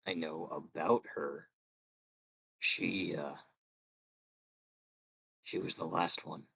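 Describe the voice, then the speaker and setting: Player, male, very deep, gravelly, slow, dry close sound. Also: fairly even intonation, pushed and bright, no room sound. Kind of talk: tabletop role-play.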